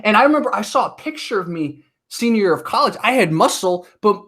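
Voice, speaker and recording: Podcast guest, man in his 30s, airy high voice, chatty, animated storyteller. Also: quick pace. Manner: talkative, animated storytelling with filler words. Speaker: podcast guest, martial artist. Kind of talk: casual chat.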